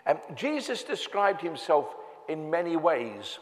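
An older Englishman preaches a sermon in church, keeping it conversational and dropping humorous asides and jokes along the way. His voice is a little high and sing-song, and he's unhurried. The church hall around him is reverberant.

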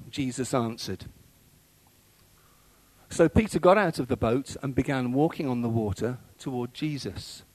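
A man's voice: mid-range voice, a little mellow, poor audio. A man preaching a sermon in a conversational way, with frequent fillers and restarts.

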